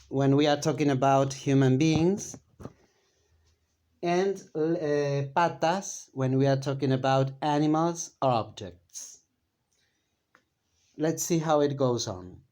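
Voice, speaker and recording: A man with an Argentine accent teaching a Spanish lesson in English, explaining step by step with many pauses and fillers. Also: fairly high pitch, mellow. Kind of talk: slow bilingual language lesson.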